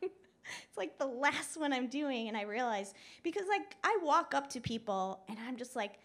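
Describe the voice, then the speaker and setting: A woman telling a story on stage at a live show, chatty and animated, laughing often and using lots of "like" and "you know". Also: sits high, moderate pace. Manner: laughs often while talking. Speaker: guest speaker. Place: live show at a club venue.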